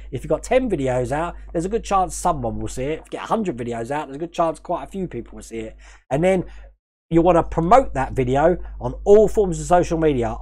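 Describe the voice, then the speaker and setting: A man's voice: on the high side, a little mellow. A British man hosting a casual livestream, rambling, chuckling often and thanking viewers by name. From United Kingdom. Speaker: livestream host.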